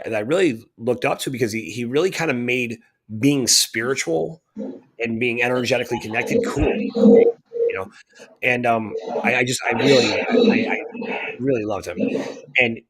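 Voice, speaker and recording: A man co-hosting a casual spiritual talk show, speaking reflectively and hesitantly, often repeating words as he thinks. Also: medium pitch. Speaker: co-host.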